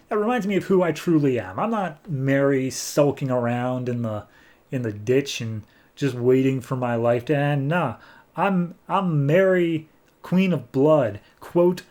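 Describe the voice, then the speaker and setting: A man voicing a fierce female vampire queen in a comic recap, brash and boastful, slightly higher than his usual voice. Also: animated, fast talker, a little mellow, natural voice. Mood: triumphant.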